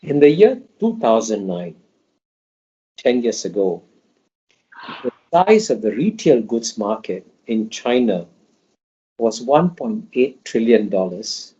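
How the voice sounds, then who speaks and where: A man answering interview questions in an emphatic, lecturing manner, with frequent restarts as he builds his point. His voice is mellow and somewhat dark. The audio sounds dull and lo-fi. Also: mid-range voice, big pitch swings, slow pace, long pauses. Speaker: interview guest.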